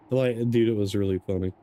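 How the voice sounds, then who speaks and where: A man's voice: fairly low pitch, normal speed, mellow. A man streaming a game live, chatting casually and rambling through stories as he plays, laughing often. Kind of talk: casual gameplay commentary.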